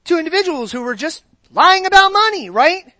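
A woman's voice: very high voice, big pitch swings, normal speed, pushed and bright, dry recording. A woman preaching a sermon in a conversational way, often checking in with the congregation. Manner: conversational, keeps checking in with the audience.

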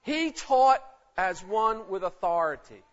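A man's voice: high voice, expressive, slow pace, faint music behind. A man preaching a sermon in an emphatic, conversational way. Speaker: pastor. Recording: dull lo-fi recording.

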